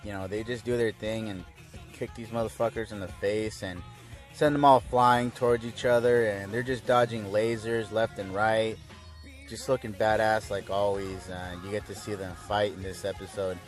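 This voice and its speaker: A man's voice: lowish voice, little pitch movement, moderate pace, faint music behind. Laid-back young man swearing through a recap. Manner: laid-back and crude, with lots of fillers. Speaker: episode recap host. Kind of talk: casual profane episode recap.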